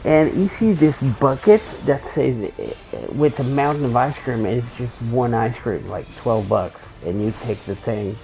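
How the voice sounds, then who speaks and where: A man's voice: mid-range voice, animated, measured pace, gravelly, mellow, soft background music, poor audio. A man streaming a game, telling a long rambling story in casual chat. He swears freely and often restarts his sentences.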